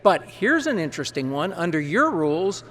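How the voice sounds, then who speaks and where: A man who serves as parliamentarian, briefing a large assembly on procedure in a folksy, quick way with chatty asides. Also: on the high side, very animated, fairly bright tone, a little hiss or hum. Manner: folksy, quick-talking, explains rules with asides. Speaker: parliamentarian advising delegates. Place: large conference hall.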